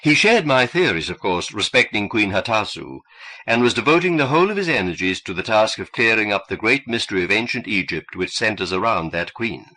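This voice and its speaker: A man's voice: on the low side, lively intonation, brisk, bright, forceful tone. A man reading an audiobook and voicing a male antiquities inspector who speaks in a plain, reflective way.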